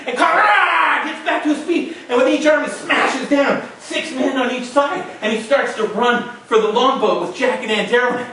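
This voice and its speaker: A male storyteller performing a tale dramatically, with shouted sound effects. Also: very high-pitched, fairly even intonation, normal speed, few pauses, a little hiss or hum. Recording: echoey room, mic far off.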